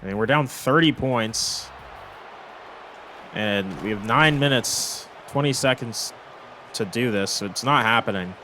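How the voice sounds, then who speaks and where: A man's voice: medium pitch, a little slow, pauses often, bright, forceful tone, a little hiss or hum. A young man commentating his own football video game, exasperated and swearing as he rambles through complaints. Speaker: gaming commentator. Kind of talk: frustrated gameplay commentary.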